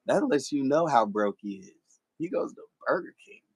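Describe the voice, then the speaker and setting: A young man streaming live, talking back to commenters in a blunt, animated way. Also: mid-range voice, moderate pace, slightly rough, no echo. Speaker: livestreamer. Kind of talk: casual livestream talk to commenters.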